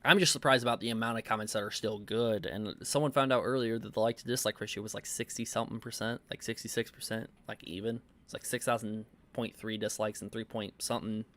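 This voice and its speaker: A man giving reaction commentary and reading viewer comments, halting often with fillers and stuttered restarts. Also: lowish voice, steady tone, fairly bright tone. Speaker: commentary YouTuber.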